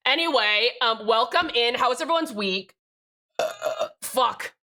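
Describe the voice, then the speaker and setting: A woman's voice: on the high side, animated, unhurried, pushed and bright. A young woman streaming live, chatting casually with viewers, bubbly, swearing freely and reading chat aloud.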